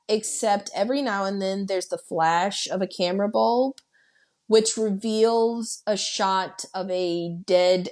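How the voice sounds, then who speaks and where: A woman's voice: mid-range voice, darkish tone. A woman walks through a film's story scene by scene, taking her time over each beat. She talks casually and bluntly, dropping swear words as she goes. Her voice sits in an ordinary middle range. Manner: blunt and profane, with laughter. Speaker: podcast host. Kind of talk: casual plot recap.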